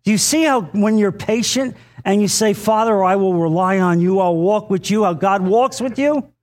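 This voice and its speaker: A man preaching a sermon to his congregation. He speaks earnestly, repeats phrases for emphasis, fills pauses with "uh," and addresses the listeners directly. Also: high-pitched, a little mellow. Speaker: pastor.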